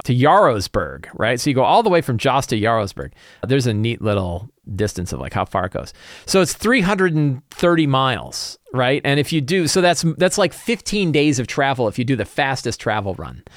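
A man hosting a podcast, talking casually and loosely about running a tabletop campaign, with frequent quick asides. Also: mid-range voice, no echo, studio quality. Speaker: podcast host and game master.

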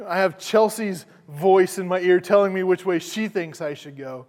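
Higher-voiced pastor preaching in a reverberant hall. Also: male voice, moderate pace, darkish tone. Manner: conversational, repeats words, chuckles. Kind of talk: sermon.

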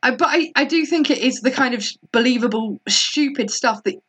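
A woman's voice: sits high, slightly rough. Chatty woman, book-club banter. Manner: animated, quick asides and acted-out quotes. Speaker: podcast co-host. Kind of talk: casual book-club chat.

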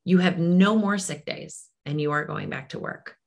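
Low-voiced woman, earnest grief clinician. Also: normal speed, creaky. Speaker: grief clinician and podcast host. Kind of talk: casual conversation.

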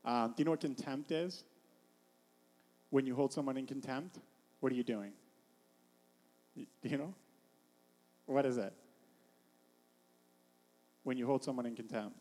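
A man's voice: mid-range voice, a little slow, long pauses, mellow, long reverb tail, faint music behind. A man preaching a casual, rambling sermon, full of fillers, often stopping to put questions to his listeners.

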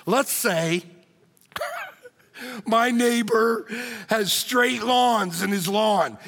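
A male pastor preaching a sermon in a church, animated and joking, calling out to the congregation. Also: extremely high pitch, very slow, vocal fry, long reverb tail. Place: church sanctuary.

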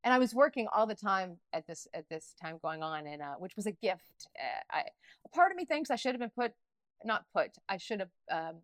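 A middle-aged woman speaking candidly as an interview guest, animated and emotional, with frequent restarts and laughter. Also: mid-range voice, fairly quick, no echo. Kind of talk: candid personal interview talk.

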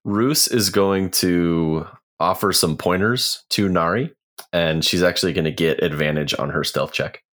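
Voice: sits low, measured pace, fairly bright tone. A player in a tabletop game, speaking matter-of-factly about a character's actions.

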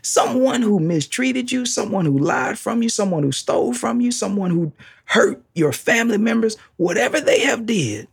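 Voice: mid-range voice, lively intonation, normal speed, creaky, slightly rough. A preacher giving a sermon, emphatic, repeating key phrases and laughing often.

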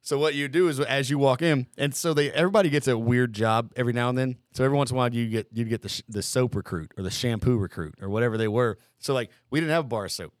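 A man's voice: medium pitch, quick pace, hardly any pauses, no echo, clean studio sound. A man telling boot camp stories in casual, rambling, profane podcast chat. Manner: rambling, laid-back, profane. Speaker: podcast guest, former Marine recruit. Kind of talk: casual storytelling.

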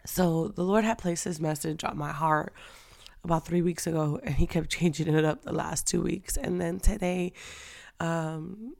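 A young woman hosting a faith-based talk show, speaking off the cuff in a candid, chatty way, laughing often and moving between quiet and loud. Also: lowish voice, moderate pace, vocal fry, no room sound. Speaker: faith-based podcast host. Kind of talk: unscripted casual girl talk. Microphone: audio only, not on camera.

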